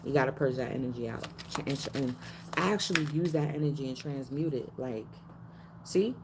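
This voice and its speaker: Reading spiritual cards in a laid-back way, a woman talks at a normal speed in slang, says her phrases over again, and now and then lifts her pitch sharply to stress a point. Background noise can be heard.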